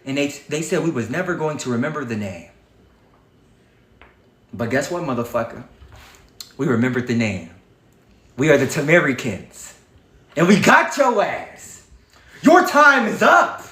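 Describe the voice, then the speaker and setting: A man's voice: mid-range voice, big pitch swings, a little slow, long pauses, bright, forceful tone. A man hosting a livestream, giving a defiant, preachy monologue full of swearing. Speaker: livestream host. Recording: echoey room.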